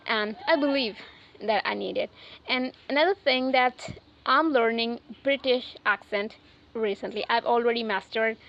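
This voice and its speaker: A woman with a slightly high voice chats unscripted to her viewers as the host of an English learning channel. She talks casually, often stopping to restart or correct herself. The recording sounds dull and lo-fi. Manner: chatty, frequent restarts and self-corrections. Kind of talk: unscripted casual talk to camera.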